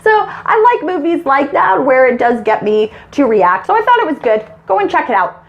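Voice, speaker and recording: Chatty, expressive woman reviewing films. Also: high-pitched, normal speed, dull audio. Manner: chatty and expressive, with animated grossed-out reactions. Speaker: film reviewer. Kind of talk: casual movie review vlog.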